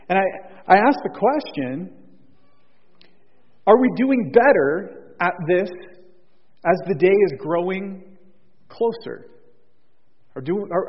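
A pastor preaching a sermon, earnest, restarting his sentences and repeating key phrases. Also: high-pitched. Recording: husky voice in a long church reverb, dull lo-fi sound.

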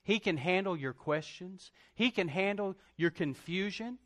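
A man's voice: on the high side, fairly bright tone. A male pastor, telling a personal story in a sermon and speaking straight to his congregation.

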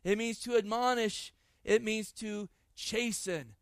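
A man's voice: sits high, fairly even intonation, slow pace, no room sound. A man preaching a sermon, emphatic and repeating phrases for stress. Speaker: pastor.

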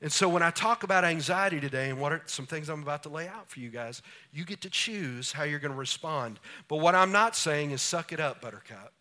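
A man preaching with a bright, forward tone and a pitch sitting a little above typical. His delivery is animated, and he slips into small acted-out scenes to illustrate his points. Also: brisk, few pauses. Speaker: pastor. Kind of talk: sermon.

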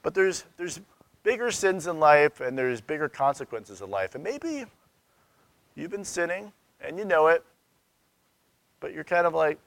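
A man's voice: on the high side, expressive, a little slow, vocal fry, long pauses, fairly bright tone, no room sound. A man in his thirties preaching a sermon in a conversational, searching way, asking rhetorical questions and raising his voice for emphasis. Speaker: pastor.

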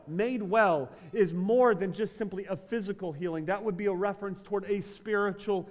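A male pastor delivering a sermon, moving between loud emphatic bursts and quiet, drawn-out phrases. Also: high-pitched. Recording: long hall reverb.

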